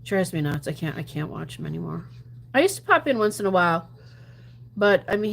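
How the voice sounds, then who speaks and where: A woman talking to her viewers on a casual livestream. She is chatty and animated, laughing often. Her voice swings from lively bursts down to low mutters and whispers. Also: a little fast, gravelly, a little hiss or hum. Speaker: gambling livestreamer. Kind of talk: casual livestream chat, answering viewer comments.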